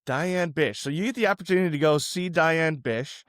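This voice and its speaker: A man's voice: on the high side, moderate pace, a bit bright, no room sound, clean studio sound. A man hosting a podcast, asking questions in an easygoing, chatty way with enthusiastic asides. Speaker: podcast host. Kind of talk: casual interview chat.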